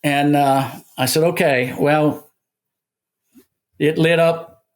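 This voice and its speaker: An older man in his seventies tells his story to an interviewer. His voice sits a little high, and he is animated, playing out both sides of the conversations he recounts. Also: takes it slowly. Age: 70s. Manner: animated storyteller, acts out quoted dialogue. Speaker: guest. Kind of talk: casual storytelling.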